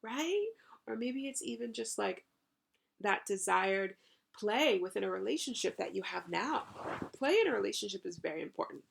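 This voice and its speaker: A woman's voice: medium pitch, animated, normal speed, vocal fry, slight background noise. A woman hosting a channeled spiritual podcast, talking effusively with casual swearing and lots of "you know" and "right?". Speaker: podcast host and spiritual coach.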